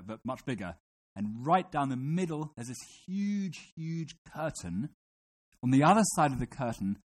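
A man's voice: mid-range voice, a little mellow. A man preaching a sermon to a congregation in a room, teaching and putting questions to his listeners.

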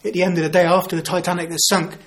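A man's voice: high-pitched, level tone, very fast. A man in his fifties preaching an evangelistic sermon, earnest and full of rhetorical tag questions like "don't we?". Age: 50s.

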